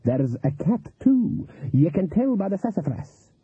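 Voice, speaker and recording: A man voicing a knowing older voodoo woman who speaks in a slow, rolling growl with folksy grammar, like a storybook reading. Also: sits high, sing-song, husky, no echo, pitched above the performer's own voice, full character voice. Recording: tinny, phone-like, dry audio.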